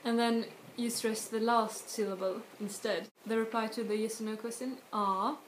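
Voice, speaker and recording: A woman from Sweden, giving a casual video language lesson and explaining slowly with frequent restarts and spoken examples. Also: a little high, level tone. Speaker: language tutor. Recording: echoey room with faint noise.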